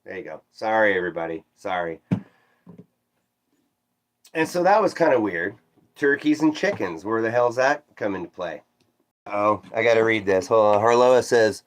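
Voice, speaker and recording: A man livestreaming, casually recounting a strange dream and reading chat, with animated swoops up when quoting himself and self-deprecating asides. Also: fairly low pitch, normal speed, pauses often. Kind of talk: casual rambling storytelling, reading chat aloud.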